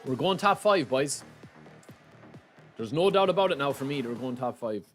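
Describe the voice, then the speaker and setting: A young Irish man streaming a game, chatty and excitable, talking to his chat as "lads" and saying he is sleep-deprived. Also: mid-range voice, normal speed, soft background music. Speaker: gaming streamer. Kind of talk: live stream chat while opening game packs.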